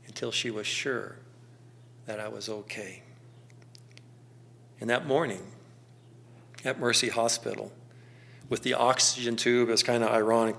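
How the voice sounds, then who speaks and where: Gravelly middle-aged man, gently reflective. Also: mid-range voice. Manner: slow, gentle and contemplative, with pauses. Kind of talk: reflective personal storytelling.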